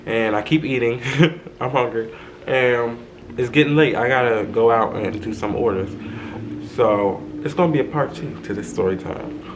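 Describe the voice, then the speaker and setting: A man's voice: medium pitch, normal speed, slight background noise, low-quality recording. Chatty young man telling a story. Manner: chatty, laughing asides to viewers. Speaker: vlogger. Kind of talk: casual storytime chat.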